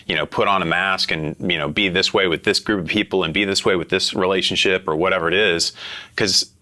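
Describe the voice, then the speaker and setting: Brief: man, interview guest, very low pitch, bright edge, earnest and reflective. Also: steady tone, brisk. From United States. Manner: reflective, earnest, filler-heavy. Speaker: guest, program graduate. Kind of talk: casual interview.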